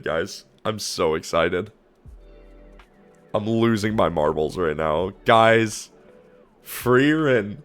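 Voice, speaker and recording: A man streaming, giving excited reaction commentary with loud gushing outbursts. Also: mid-range voice.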